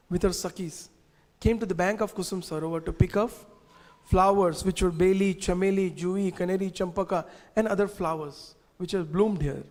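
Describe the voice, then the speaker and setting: A man, teaching a scripture class and telling stories in an animated way, asking the audience questions. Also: sits high. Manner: animated, asks the audience questions, uses gestures. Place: temple hall. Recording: long reverb in a temple hall.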